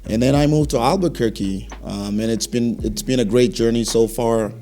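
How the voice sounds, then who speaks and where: A man from Cameroon, a fashion business owner talking as a guest in a casual interview, friendly and measured with some hesitation. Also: medium pitch, warm tone, a little hiss or hum. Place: local talk show studio.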